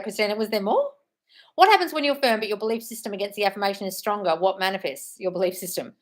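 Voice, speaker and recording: A woman's voice: mid-range voice, expressive, fast talker, fairly bright tone. Playful, blunt woman coach on a home live stream, casual and profane. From United Kingdom. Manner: swearing, playful, calls viewers darling, reads comments aloud. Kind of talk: casual live-stream chat reading comments.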